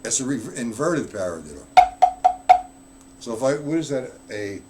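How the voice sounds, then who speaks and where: Male drum teacher, live-stream lesson, counts beats aloud, casual delivery, loud drum noise over the voice. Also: mid-range voice, sing-song, normal speed. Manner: counts beats aloud while demonstrating rudiments; casual, self-correcting explanations. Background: drumming.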